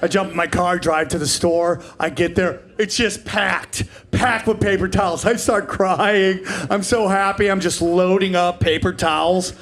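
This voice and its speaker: Brash high-voiced man doing stand-up comedy. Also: fairly even intonation, measured pace, few pauses. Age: 40s. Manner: brash and profane, shouting punchlines and acting out quoted voices. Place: comedy club stage in front of a live audience.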